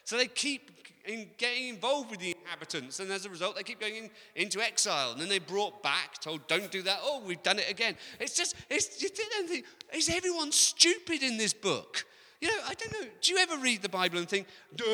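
A man delivers a sermon in an animated storytelling manner. His voice sits high for a man and sounds strikingly bright. The long reverb of a large hall rings around every phrase. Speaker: pastor.

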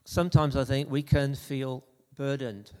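A man preaching an anecdotal sermon in a conversational, halting way, with frequent restarts. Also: medium pitch, fairly even intonation, warm tone, long reverb tail.

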